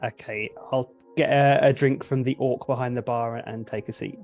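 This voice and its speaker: Male player, relaxed and hesitant, mid pitch. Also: moderate pace, faint music behind. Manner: easygoing, hesitant, chuckling. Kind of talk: casual tabletop play.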